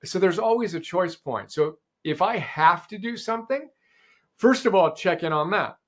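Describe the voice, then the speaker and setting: A middle-aged man as a podcast guest in casual conversation, animated and enthusiastic, often quoting sayings. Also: high-pitched, normal speed.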